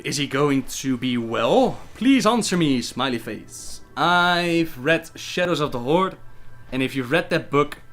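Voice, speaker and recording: A man on a casual livestream who reads viewer questions aloud and answers them in a chatty, relaxed way. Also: mid-range voice. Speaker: gaming lore livestreamer.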